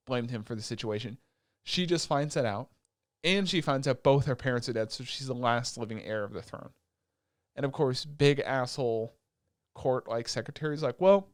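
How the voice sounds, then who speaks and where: A man's voice: medium pitch, no room sound, clean studio sound. A man co-hosting a podcast, casually recapping an anime with lots of swearing, acting out the characters' lines as he goes. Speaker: podcast co-host.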